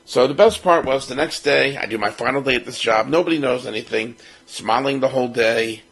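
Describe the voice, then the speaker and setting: A man in his fifties from Baltimore, co-host of a podcast, tells his own story in a lively way, playing out what the other people said. He talks fairly quickly in a gravelly, breathy, mid-range voice, and the audio is poor.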